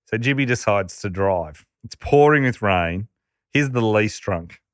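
A man's voice: fairly low pitch, lively intonation, unhurried, dry recording, studio quality. An Australian man telling a rowdy anecdote in casual chat, laughing often and acting out the voices of the people in it. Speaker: podcast storyteller.

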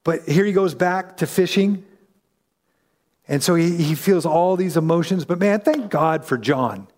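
A man's voice: on the high side, unhurried, darkish tone, big-room sound. A man preaching a sermon in a conversational way, acting out the voices in the story he tells. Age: adult parent. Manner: conversational, acts out quoted voices. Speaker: pastor.

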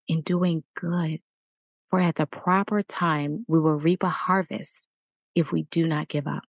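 A woman with a low, deep voice gives an earnest, encouraging talk on a faith podcast. She repeats her points again and again as she urges the listener on. The sound is dry and close, with no room echo. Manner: earnest, repetitive exhortation. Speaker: podcast host.

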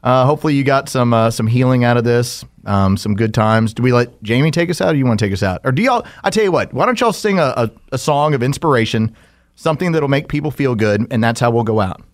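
A man's voice: mid-range voice, animated, fast talker. Chuckling man spinning a story. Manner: laughing storyteller, rambling restarts. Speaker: podcast co-host. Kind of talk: casual chat.

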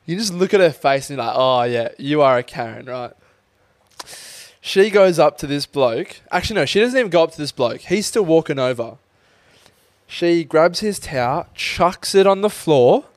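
Animated young man telling a story. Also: a little high, normal speed, no echo. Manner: animated, swears freely, acts out quotes. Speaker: podcast co-host. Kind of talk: casual storytelling chat.

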